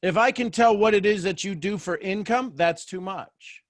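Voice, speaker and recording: A man with a fairly high voice gives a motivational talk over a video call. He sounds animated and jokey, restarting lines as he goes. The sound is dry and close. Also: moderate pace, no echo. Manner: animated and joking, with frequent restarts. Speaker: host of a motivational live show. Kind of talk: motivational talk to a live online audience.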